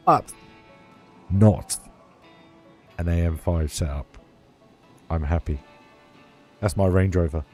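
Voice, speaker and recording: Chatty man streaming, low mellow voice. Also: takes it slowly, pauses often. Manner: chatty, laughs often, reads chat aloud. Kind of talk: casual live-stream chat. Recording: faint music behind.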